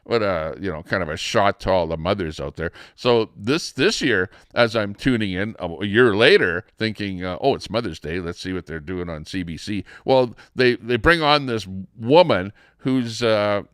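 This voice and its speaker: A middle-aged man rants as the host of a casual livestream, restarting his sentences often and stacking up fillers. His voice sits low and smooth. The sound is dry and close, with no room around it. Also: expressive, moderate pace, few pauses, fairly bright tone, dry recording. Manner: rambling, many fillers and restarts, indignant. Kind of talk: casual ranting monologue.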